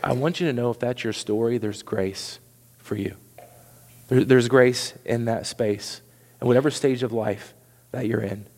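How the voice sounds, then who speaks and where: A man's voice: mid-range voice, unhurried, a little mellow. Man, pastor, preaching, earnest, repeats words, echoing church hall. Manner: earnest, repeats words when pressing a point. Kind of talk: sermon. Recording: long hall reverb.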